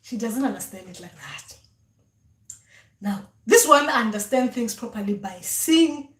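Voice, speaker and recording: In an echoey room, a woman with a mid-range, darkish voice gives a casual spiritual talk about dreams. She repeats words often and speaks in the voices of her ancestors, relaying what they say.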